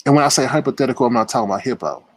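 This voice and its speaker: A man in a heated livestream rant, confrontational and indignant, swinging between loud outbursts and low muttering, with a husky voice. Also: racing, no room sound. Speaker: live-stream commentator. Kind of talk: heated live-stream rant.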